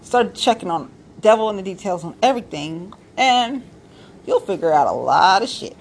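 A woman's voice: mid-range voice, expressive, normal speed, gravelly, slight background noise. A woman talking bluntly about local politics in a casual, sassy, profane rant, stressing her points and repeating them. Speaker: political commentator.

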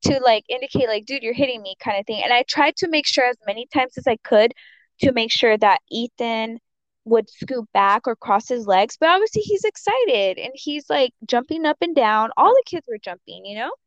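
A woman's voice: on the high side, sing-song, moderate pace, no room sound. A woman telling a story in casual chat, rambling with many fillers and acting out the quotes. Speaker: storyteller in a conversation. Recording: dull dry lo-fi audio.

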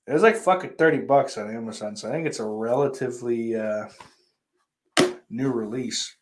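A man's voice: mid-range voice, moderate pace, heavy background noise. A man hosting his own movie vlog in loose, profane, rambling chat, trailing off and restarting. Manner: profane, rambling, offhand, full of fillers. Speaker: channel host showing his movie purchases.

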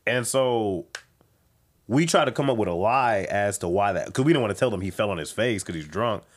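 A young man with a low voice tells a story in easygoing chat. His pitch swings widely as he acts out the other people in it, jumping high and then falling back. He sounds animated and loose. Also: a little fast. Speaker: guest comedian. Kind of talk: casual storytelling.

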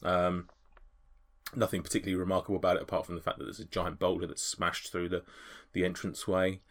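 Male game master, very low voice, halting narration full of ums. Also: flat delivery. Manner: hesitant, many fillers.

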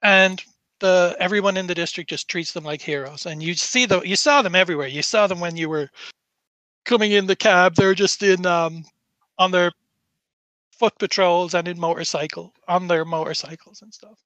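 A man's voice: high-pitched, fairly even intonation, moderate pace, bright, forceful tone, no echo. A man narrating as game master for a tabletop game, rambling with many fillers and restarts.

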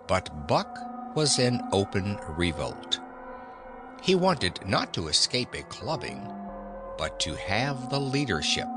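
A man narrating a classic novel as an audiobook reader, in slow, expressive storytelling. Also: fairly low pitch. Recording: narration over background music.

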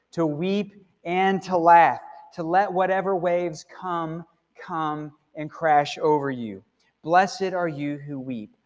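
A man's voice: sits high, darkish tone. Man preaching in a reverberant church. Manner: conversational preaching with frequent "okay?" and "right?" tags. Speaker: pastor. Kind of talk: sermon. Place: church sanctuary. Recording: long hall reverb.

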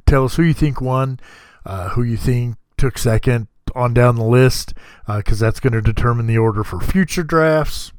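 In a dry recording, a mid-range male voice belongs to a podcast host who keeps things casual, relaxed and jokey while cursing freely as he chats.

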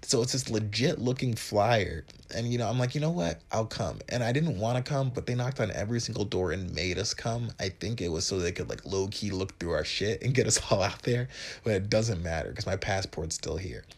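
A man in his twenties from Wisconsin telling a story on his podcast in a casual, joking, profane way, often putting on higher voices for other people's lines. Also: brisk, breathy edge. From Wisconsin, USA. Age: 20s. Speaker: podcast host.

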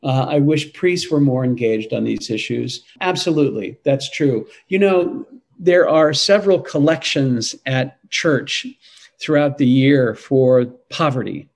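A man's voice: medium pitch, measured pace, vocal fry, darkish tone, poor audio. A man giving long, earnest answers in an interview, emphatic and often restarting his sentences. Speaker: interview guest, Catholic advocacy leader.

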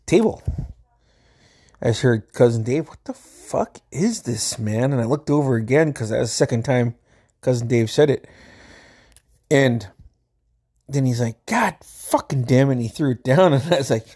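A man's voice: mid-range voice, dark tone. Man, middle-aged, casual storytelling, laid-back, swears a lot, chuckles. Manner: laid-back, swears freely, laughs while telling.

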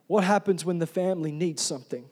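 A male pastor preaching a sermon, swinging from loud emphatic calls to soft, quiet storytelling. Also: sits high, fast.

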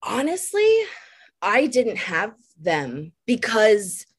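A young woman, a makeup artist guest, chatting casually and telling lively stories on a podcast. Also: a little high, takes it slowly, slightly rough. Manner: animated storyteller, laughs while telling.

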